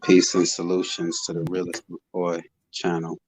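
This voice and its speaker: Give me a deep, low-pitched man hosting a live panel who greets viewers by name and muses aloud. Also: completely flat delivery, measured pace, no echo, rough recording. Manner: greets chat members warmly by name, musing tone. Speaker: host of a live panel stream. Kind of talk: casual live-stream chat.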